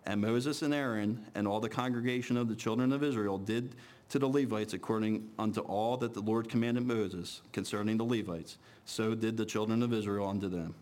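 A man with a fairly low voice preaches to a congregation. He reads old scripture at a deliberate pace, then slips into loose, everyday talk full of small restarts. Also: steady tone, darkish tone. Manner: reads scripture slowly, then talks casually with repeated restarts. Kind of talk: scripture reading and sermon.

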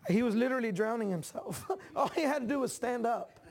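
High-pitched guy preaching a sermon, gets loud and animated, talks to the crowd casually. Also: a little fast, gravelly. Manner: animated preaching that climbs to shouts; conversational asides to the congregation. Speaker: pastor.

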